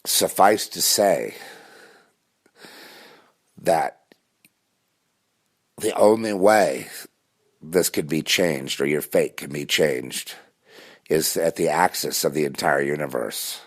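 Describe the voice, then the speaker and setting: A man's voice: a bass voice, takes it slowly, gravelly, pauses often. A man delivering a rambling, insistent personal monologue, full of restarts and repeated words. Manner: intense, insistent.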